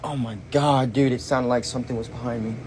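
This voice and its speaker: A man's voice: medium pitch, fairly even intonation, fairly quick, noisy background. A man filming himself on a phone during a night shift, talking nervously to the camera in street slang. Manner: jittery, scared, talks to the camera in street slang. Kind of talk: nervous self-recorded vlog.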